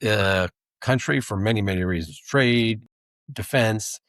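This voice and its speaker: A man's voice: fairly low pitch, unhurried, a bit bright, dry recording. A man co-hosting a podcast, talking in a rambling, casual way with asides and restarts. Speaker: podcast co-host, intelligence analyst.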